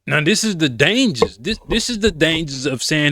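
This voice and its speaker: High, bright-voiced man ranting. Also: very animated, normal speed, hardly any pauses. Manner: blunt, emphatic, slangy, repeats words. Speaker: commentary host. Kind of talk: casual commentary rant.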